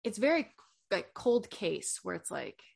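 A woman guesting on a casual podcast, speaking in a middle-pitched, everyday voice. She is frank and deadpan, drops swears casually, and talks through dark subjects without fuss. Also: unhurried, vocal fry, breathy edge. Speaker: podcast guest, true crime show host.

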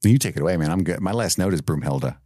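A man co-hosting a podcast tosses out quick, playful quips in a casual film review. His voice is animated, with wide pitch movement, and it is recorded dry and close. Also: dry recording. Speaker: podcast co-host.

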